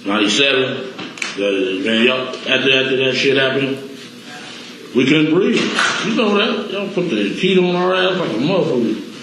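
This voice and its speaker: A man being questioned in a recorded police interview, telling stories in an animated, profane way and acting out what others said. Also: medium pitch, moderate pace. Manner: animated storytelling, heavy profanity, acts out quotes. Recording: echoey room, faint hiss.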